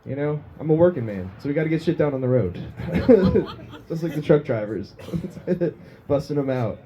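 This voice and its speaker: A man's voice: on the high side, expressive, normal speed, dark tone, dull audio, slight background noise. Crude stand-up man in a pub. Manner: crude, self-mocking, laughs at own jokes. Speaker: stand-up comedian. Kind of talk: stand-up comedy set. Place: small pub stage.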